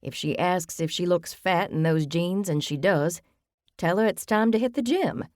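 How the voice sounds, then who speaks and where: A woman reads as a theatrical, attention-loving man sharing a snarky list with his friends, his delivery hammy and dry-sounding. It is an audiobook character voice, close and low-pitched. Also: moderate pace, a little mellow, no echo, natural voice. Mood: amused. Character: chatty showman man reading aloud to friends.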